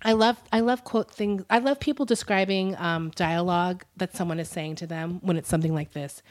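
A woman's voice: on the low side, brisk, few pauses. A woman co-hosting a podcast, telling a story in casual chat, giggly and full of "um" and "like". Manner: giggly, breaks off with laughs and apologies; chatty, many fillers like "um" and "like". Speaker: podcast co-host.

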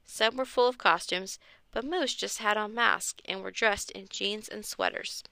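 A woman's voice: medium pitch, a little slow, gravelly, bright, forceful tone. A woman reading a children's chapter book aloud with expression, raising her voice for the kids' lines. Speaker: storyteller.

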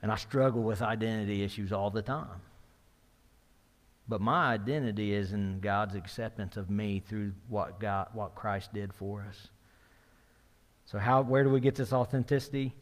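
The voice is lowish and fairly even, at normal speed: a middle-aged pastor preaching conversationally in a church sanctuary. He keeps asking the room "right?" and grows more intense while retelling a story, all under long hall reverb.

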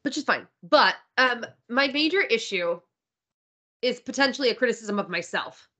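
A woman's voice: a little high, expressive, moderate pace, fairly bright tone. A woman co-hosting a podcast, reviewing a romance novel in casual, enthusiastic chat and swearing now and then. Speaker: podcast co-host.

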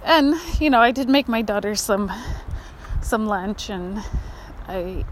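A woman chatting on a walking vlog outdoors by a creek, rambling and excitable, a little out of breath from walking. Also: medium pitch, slight background noise. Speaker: vlogger.

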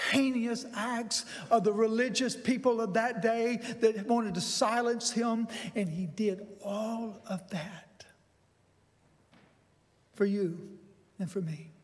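An older man preaches in a church, mixing scripture with a folksy personal story. His voice sits very high for a man, and it rises into excited bursts as the tale builds. The sound carries a long reverb from the large sanctuary. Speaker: pastor.

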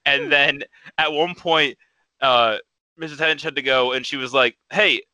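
A young man hosting a casual livestreamed podcast, telling stories in an animated way and laughing often. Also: mid-range voice, unhurried, no echo. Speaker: podcast host.

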